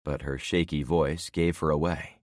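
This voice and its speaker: Male narrator, very low pitch, steady measured first-person storytelling, dead-dry booth. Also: no echo. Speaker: audiobook narrator.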